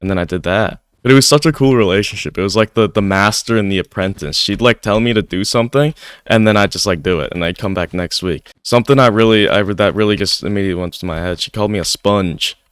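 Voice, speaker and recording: A man's voice: lowish voice, quick pace, fairly bright tone, smooth, no room sound, clean studio sound. A young man chatting casually over gameplay, rambling with lots of "like". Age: young adult. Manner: rambling, heavy use of "like". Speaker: gaming YouTuber. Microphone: desk microphone.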